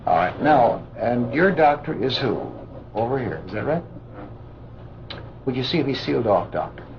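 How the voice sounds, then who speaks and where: A man instructing doctors in a live hypnosis demonstration, giving slow soothing suggestions and lecturing with indignation. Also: medium pitch, very animated, vocal fry. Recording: muffled old recording with loud hiss.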